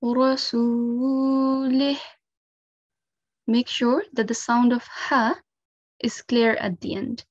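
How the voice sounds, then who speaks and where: A woman gives a recitation lesson, walking through each rule with patient, careful explanation. Her voice sits fairly high and she speaks very slowly and deliberately. The recording is dull and lo-fi. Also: fairly even intonation, no room sound. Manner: patient, careful step-by-step explanation with frequent 'um' and 'okay'. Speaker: Quran recitation teacher. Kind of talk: instructional lesson.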